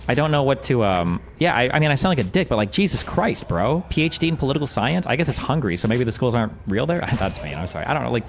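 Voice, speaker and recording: A man's voice: mid-range voice, very animated, fast, few pauses, a little hiss or hum. A man streaming commentary on a debate, talking in a rambling, self-deprecating and profane way. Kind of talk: casual commentary while gaming.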